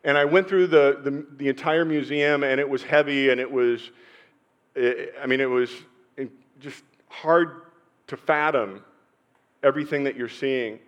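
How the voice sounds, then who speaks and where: A middle-aged man preaching a sermon as pastor, telling personal stories with pauses and sudden swells in loudness. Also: mid-range voice, fairly even intonation, highs cut off.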